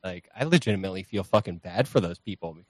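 A man's voice: deep voice, animated, quick pace, darkish tone, dry recording. A man talking as a podcast guest in a loose, rambling, profane and self-deprecating way, recorded on a home streaming mic. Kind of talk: casual chat.

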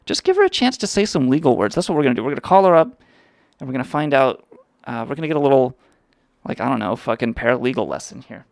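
A man's voice: medium pitch, very animated, fast talker, gravelly, no room sound, clean studio sound. A man hosting a livestream, rambling in a crude, sarcastic way. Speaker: podcast host. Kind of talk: casual profane livestream chat.

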